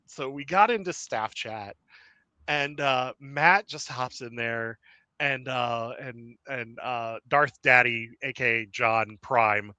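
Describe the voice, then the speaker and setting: Bright voiced guy hosting a podcast, slow rambly chat, dry close mic. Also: medium pitch, no echo, lo-fi sound. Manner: rambling, lots of fillers and laughs. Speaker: podcast host. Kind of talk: casual chat.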